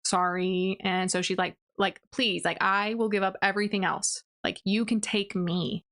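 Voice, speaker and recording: Young woman, booktuber, casual plot recap, filler-heavy, quotes characters in passing, mid-pitch. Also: little pitch movement, moderate pace, a bit bright. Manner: chatty, many "like"s, acts out quotes in passing. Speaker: book reviewer. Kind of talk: casual rant review, retelling a plot.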